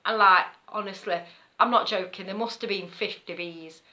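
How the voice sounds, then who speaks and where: Middle-aged east midlands woman rambling through a story, bright voice, laughs a lot. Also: mid-range voice, moderate pace. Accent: East Midlands English. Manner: chatty, rambling, laughs often. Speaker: knitting vlogger. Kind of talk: casual storytelling.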